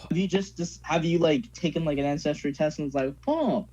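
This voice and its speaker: Chatting casually on a podcast he co-hosts, this teenage young man ribs his friend and wanders off topic with plenty of "like" fillers. He talks fast in a slightly high, fairly even, somewhat mellow voice, recorded with a dull lo-fi quality.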